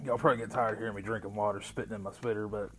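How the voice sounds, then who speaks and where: A man's voice: fairly low pitch, level tone, racing. A young man from West Virginia with an Appalachian accent, rambling through a casual, crude, profanity-filled monologue. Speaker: vlogger. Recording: guitar music playing behind.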